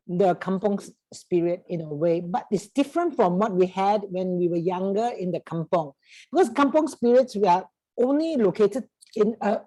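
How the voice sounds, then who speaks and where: A woman's voice: medium pitch, dark tone, no room sound, rough recording. An older Singaporean woman talks over a video call in an easy, chatty way, with the lilt of Singaporean English. She drops Singlish particles into her speech. Her voice sounds dry and close to the mic. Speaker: panelist. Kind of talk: casual panel talk.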